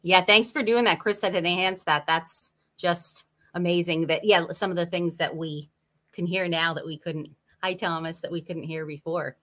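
A woman with a bright, clear tone and a slightly low pitch talks casually and keeps agreeing with the others. Her remarks are short and friendly. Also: fairly even intonation, normal speed. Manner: warm agreeing, many back-channel yeahs. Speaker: panelist. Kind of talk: casual online panel chat.

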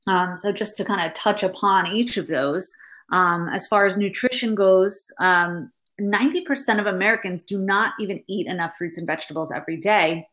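A woman's voice: mid-range voice, moderate pace, fairly bright tone. A woman in her thirties, a guest in a casual interview chat, talking in a chatty, explanatory way with many fillers.

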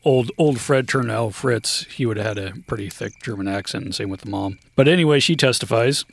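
A man co-hosting a podcast, retelling a history in a halting way with many fillers and quick yeps. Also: mid-range voice, creaky. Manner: halting, full of uh and yep. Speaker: podcast co-host. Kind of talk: casual chat, retelling a history.

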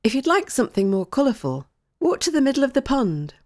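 A woman narrator voices a composed woman scientist in an audio story. She speaks in a measured, dry way with a faint tease, and her pitch moves freely. The recording is close and dry. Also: very animated, a little mellow, no echo. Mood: teasing. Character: calm, wry woman scientist.

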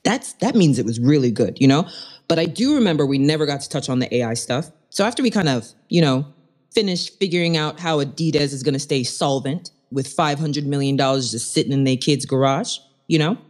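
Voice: mid-range voice, expressive, a little mellow. Slangy, laughing talk-show host. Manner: joking, slangy, quick to laugh; playfully teasing. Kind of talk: casual live-audio chat show.

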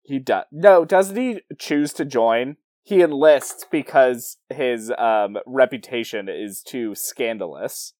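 A man's voice: mid-range voice, slow, few pauses, darkish tone, no echo, clean studio sound. A man co-hosting a podcast, giving blunt, exasperated opinions about a film in casual chat. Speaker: podcast co-host.

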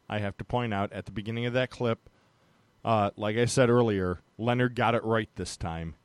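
A man's voice: on the low side, normal speed, clean tone, no echo. A man hosting a podcast, chatting casually and joking, with a rambling delivery full of fillers. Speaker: podcast host.

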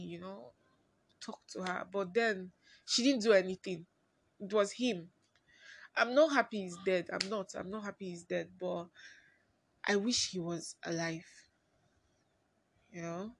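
A woman hosting her own podcast, talking through a personal story in a confiding way and often trailing off quietly. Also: fairly low pitch, fairly even intonation, measured pace, long pauses, dry recording. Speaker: podcast host.

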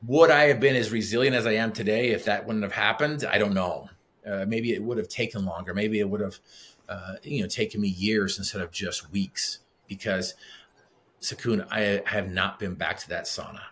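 Low-voiced middle-aged man telling stories. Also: steady tone, moderate pace, a bit bright. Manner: vivid storyteller who acts out quoted dialogue. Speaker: podcast guest. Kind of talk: conversational interview storytelling.

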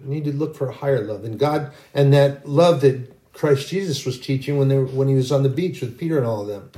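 A man's voice: mid-range voice, fairly quick, mellow. A middle-aged man giving an informal, rambling sermon, earnest and full of restarts. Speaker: Christian video preacher.

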